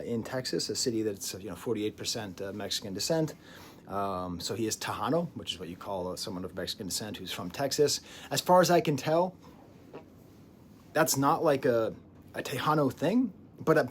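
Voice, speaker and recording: A man giving a casual album review as a music reviewer, animated and digressive, laughing often and dropping into whispers. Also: mid-range voice, slight background noise.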